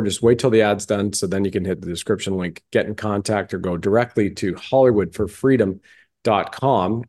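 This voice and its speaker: Male host, low-ish voice, emphatic and fervent, folksy interview manner. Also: a little mellow. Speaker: podcast host. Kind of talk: interview conversation.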